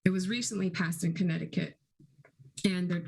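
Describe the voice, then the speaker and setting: An activist woman with a fairly low voice speaks on a panel. She is earnest and measured, laying out her points steadily. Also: steady tone, creaky, darkish tone, slightly rough, poor audio. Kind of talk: panel talk.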